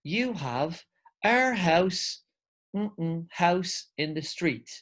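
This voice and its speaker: Male English teacher, online grammar lesson; relaxed, step-by-step explainer, friendly "guys" address. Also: high voice, drawn-out words.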